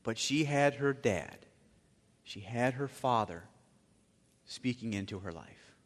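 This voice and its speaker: A man preaching a sermon, telling a story dramatically and swinging from loud bursts to hushed asides. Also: mid-range voice, lively intonation, slow pace. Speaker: pastor. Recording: long hall reverb.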